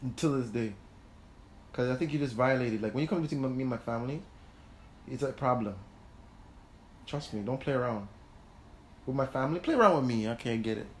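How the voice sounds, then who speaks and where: A man telling a heated personal story in casual chat, animated, laughing and swearing as he goes. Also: mid-range voice, a little fast, long pauses, a little hiss or hum. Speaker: host.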